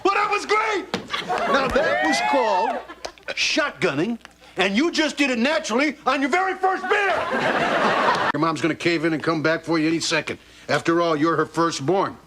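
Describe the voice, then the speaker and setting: A man's voice: very high-pitched, huge pitch swings, moderate pace, very noisy, heavily acted. An actor playing a crude, bitter middle-aged father in a sitcom, talking in a sardonic, scoffing way. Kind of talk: sitcom acting. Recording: sitcom audio with loud studio laughter. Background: audience laughter.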